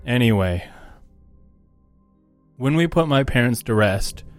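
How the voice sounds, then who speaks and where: A man voicing a grieving, earnest young male orc prince in a tabletop game, speaking in a halting, soft-spoken way. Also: medium pitch, close to an everyday voice. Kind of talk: tabletop role-play in character.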